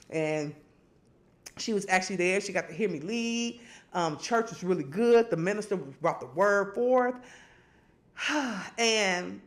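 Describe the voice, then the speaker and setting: A middle-aged woman, hosting and telling stories in casual, animated chat. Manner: animated storytelling, swings high and low. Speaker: host.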